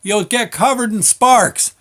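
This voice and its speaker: A man's voice: sits high, slow, a bit bright, pitched above the performer's own voice. A man voicing an exasperated male factory foreman who hollers his lines. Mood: exasperated hollering.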